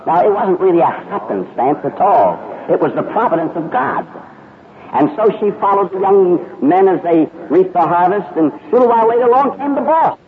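Dramatic male preacher, higher voice, heard over a thin radio broadcast with a congregation behind. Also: big pitch swings, fairly quick. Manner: dramatic, acts out the characters' speech. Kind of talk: sermon storytelling. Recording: tinny phone-like radio broadcast with crowd noise.

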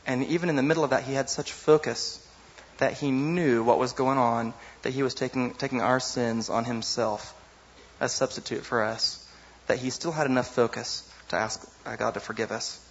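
Lively conversational preacher, man. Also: medium pitch, normal speed, dull audio. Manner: animated, conversational, addressing the audience with frequent "you know". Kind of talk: sermon.

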